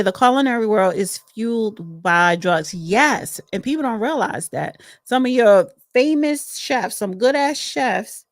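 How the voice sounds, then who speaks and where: A woman's voice: medium pitch, no echo, clean studio sound. A woman, co-hosting a casual livestream from home, chatty and frank, reading the chat and calling listeners honey. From East Orange, New Jersey. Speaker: podcast co-host reading live chat.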